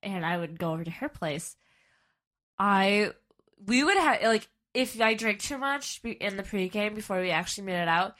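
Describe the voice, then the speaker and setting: A woman's voice: medium pitch, lively intonation, fairly bright tone. A young woman co-hosting a casual podcast, chiming in and laughing while sharing memories. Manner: laughing, chiming in with quick reactions. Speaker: podcast co-host. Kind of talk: casual chat.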